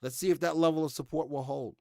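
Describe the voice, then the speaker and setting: A man's voice: a little high, fairly even intonation, fast, creaky, darkish tone, dry recording, studio quality. An American man hosting a live stock market show in casual, chatty commentary, reading headlines aloud and skimming past parts. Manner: chatty, reads headlines aloud and skims with "blah, blah".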